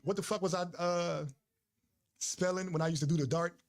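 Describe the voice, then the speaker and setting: A man's voice: sits high, steady tone, normal speed. A man co-hosting a casual livestream chat, telling stories and bantering. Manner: storytelling, banter, reads chat names. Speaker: podcast co-host.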